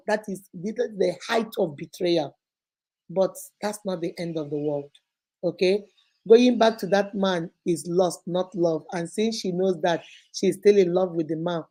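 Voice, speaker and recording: Woman, advice show host, animated and preachy, mellow voice. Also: on the low side, a little slow. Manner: animated, preachy, scolding rhetorical questions. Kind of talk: casual advice commentary.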